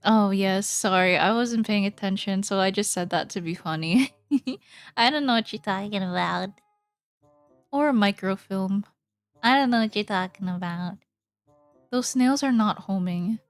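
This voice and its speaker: A woman's voice: medium pitch, unhurried, no echo, soft background music. A woman streaming while she draws, chatting casually and playfully with her chat, rambling, laughing often and swearing now and then.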